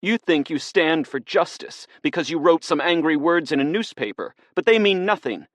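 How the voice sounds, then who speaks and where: A man's voice: mid-range voice, animated, brisk, dry recording, pitched above the performer's own voice, natural voice. A man reading an audiobook, voicing a bitter young woman who seethes with hate and menace. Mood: bitter fury.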